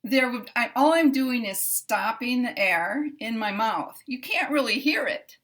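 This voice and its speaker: A woman teaching English pronunciation, explaining sounds in a careful, measured way and repeating example sentences. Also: on the high side, animated, fairly bright tone. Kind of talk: slow, deliberate pronunciation lesson.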